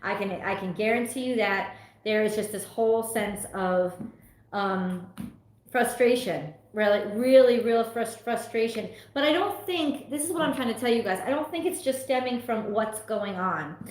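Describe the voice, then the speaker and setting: A woman's voice: a little high, expressive, normal speed, darkish tone. A young woman, a tarot reader, talking casually from home on a livestream and venting her frustration with some swearing. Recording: echoey room.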